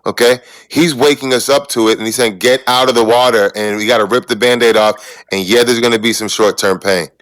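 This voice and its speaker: Loud, insistent man in a heated debate. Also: mid-range voice, steady tone, brisk, no echo. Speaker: podcast co-host.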